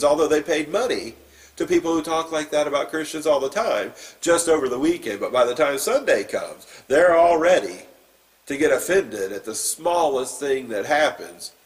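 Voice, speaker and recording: A man's voice: a little high, distant mic, rough recording. A man preaching as a pastor, reading scripture and then giving an informal, plain-spoken sermon with some fillers.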